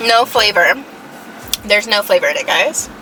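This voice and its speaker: A woman's voice: medium pitch, expressive, normal speed. A young woman vlogger chatting casually over a meal, laughing often as she rates the food. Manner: giggly, laughs often, playful rating of food. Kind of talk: casual mukbang chat. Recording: noisy background.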